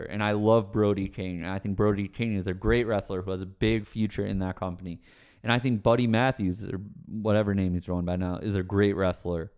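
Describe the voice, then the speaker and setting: A man's voice: lowish voice, a little mellow, clear, resonant tone. A man on a livestream chatting casually with viewers, ranting, swearing and then apologizing with a laugh. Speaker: streamer answering chat questions.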